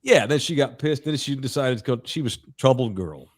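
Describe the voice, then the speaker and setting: A man's voice: mid-range voice, expressive, a little fast. A man in his forties, a podcast co-host, telling a long crude anecdote in a casual, rambling way with plenty of profanity. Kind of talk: casual sports podcast storytelling.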